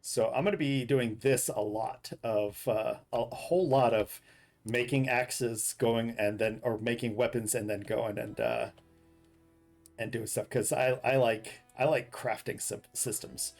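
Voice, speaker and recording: Soft music plays behind a man whose mid-range voice is expressive, creaky, and unhurried. Streaming a game, he chats casually and reads dad jokes aloud, often correcting himself and chuckling at what he reads.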